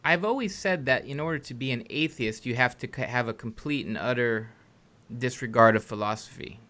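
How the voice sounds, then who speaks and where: A man hosting a podcast, chatting earnestly and reading out listener questions, often halting and restarting. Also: medium pitch, sharp tone. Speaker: podcast host.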